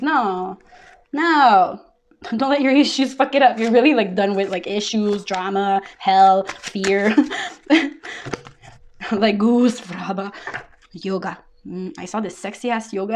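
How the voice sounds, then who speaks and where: A woman giving a casual tarot reading, talking bluntly with lots of fillers and swearing. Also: on the high side. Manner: blunt, profane, full of fillers. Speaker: tarot reader.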